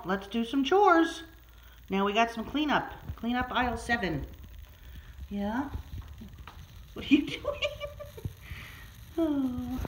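A pet sitter in a client's home, cooing in high sing-song baby talk to a cat while filming on a handheld phone. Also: female voice, fairly bright tone, a little hiss or hum, rough recording. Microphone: handheld phone camera.

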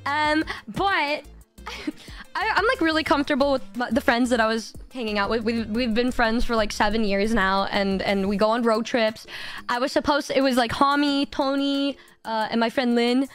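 Woman streamer in her 20s, high bright voice, giggly, swears a lot, stumbles over words, soft music under her. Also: normal speed. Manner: giggly, swears freely, stammers and repeats words. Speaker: vtuber streamer. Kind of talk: casual storytelling chat.

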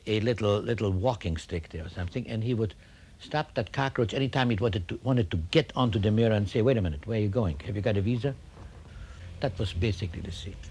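Older man recalling with wry pauses. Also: fairly low pitch, slightly rough. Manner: halting, full of uh and restarts; wry storyteller. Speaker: film director. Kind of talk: reminiscing interview anecdote.

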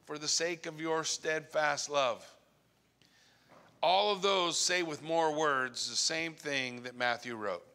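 A man preaching a sermon as pastor, earnest, often dropping to a hushed voice on key points. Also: fairly high pitch, slow. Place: church sanctuary. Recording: long church reverb.

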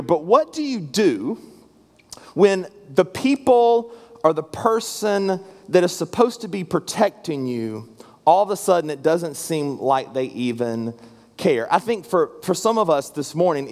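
Earnest pastor in a reverberant hall. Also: male voice, on the high side. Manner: earnest and conversational, with frequent restarts. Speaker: guest pastor. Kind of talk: storytelling sermon. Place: church sanctuary. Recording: long reverb from a large hall.

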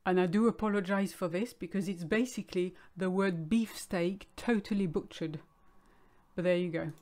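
A woman's voice: lowish voice, moderate pace, dark tone. A woman from France with a French accent, teaching a video lesson and listing words one by one in a patient, explanatory way.

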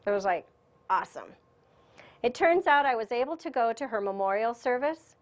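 A woman's voice: a little high, moderate pace. Chatty woman telling a story to a room. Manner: chatty, animated storyteller who laughs often. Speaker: spiritual teacher giving a lecture. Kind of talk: conference lecture, personal storytelling. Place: conference room.

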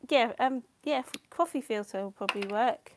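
A woman's voice: fairly high pitch, normal speed, slight background noise. A woman hosting a live watercolour demo, thinking aloud, trailing off and answering viewer comments as she paints. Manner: chatty and self-deprecating, thinks aloud, often trails off. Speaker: watercolour artist and channel host.

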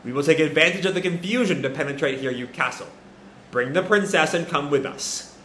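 A man's voice: fairly high pitch, a little fast, fairly bright tone, a little hiss or hum, lightly acted. A man reading the lines of a coldly polite, menacing assassin, in an echoey room. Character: cold, polite male assassin, quietly menacing.

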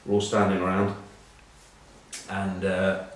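A man's voice: low-pitched, monotone, slow pace. A man in his forties, a former rugby captain, telling rambling anecdotes with dry, self-mocking humour and plenty of ums and uhs. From England. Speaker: former rugby captain presenting a web news piece. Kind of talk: casual anecdotal monologue. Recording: very echoey room, mic far off, faint background noise.

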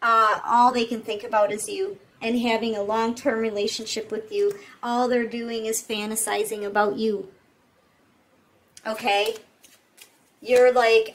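A woman delivers a tarot reading in a casual monologue, with a voice that sits a little on the high side. She talks intensely and emphatically, repeats key phrases, and keeps checking in with her listeners. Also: steady tone, slow pace, a little hiss or hum, rough recording. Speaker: tarot reader.

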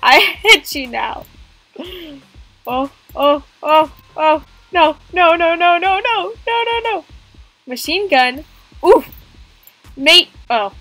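Female gamer, high voice, gaspy and jokey, easygoing pace. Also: slow pace, pauses often, soft background music. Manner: excitable, gasping, jokey. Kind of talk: playful game commentary.

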